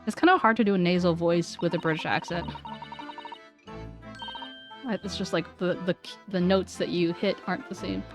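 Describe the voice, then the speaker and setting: A woman's voice: on the low side, moderate pace, long pauses, over music. A woman streamer casually chatting between reading game lines. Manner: relaxed, chatty asides. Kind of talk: casual chat over gameplay.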